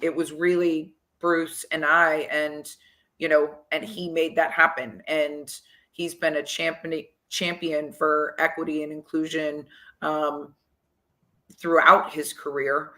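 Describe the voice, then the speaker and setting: Bright-voiced woman telling coaching stories. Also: sits low, takes it slowly. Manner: animated, retells conversations with lots of "like" and "you know". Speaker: football coach, podcast guest. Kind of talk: conversational interview storytelling.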